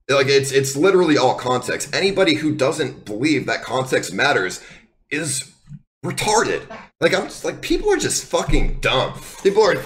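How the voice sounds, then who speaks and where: A young man streaming live rants to his viewers in a mid-range, fairly bright voice, heated and defensive. It's unscripted, full of swearing, and rambles with many restarts.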